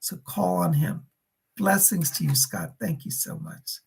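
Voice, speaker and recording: Gravelly-voiced man giving psychic readings. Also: high-pitched, measured pace. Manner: relays spirit messages, thanks donors by name. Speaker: psychic medium on a livestream. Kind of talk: live streamed psychic readings.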